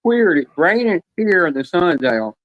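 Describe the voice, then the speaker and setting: A man's voice: sits high, sing-song, unhurried, dry recording, lo-fi sound. A man chatting casually on a live stream panel, telling rambling joking stories full of fillers.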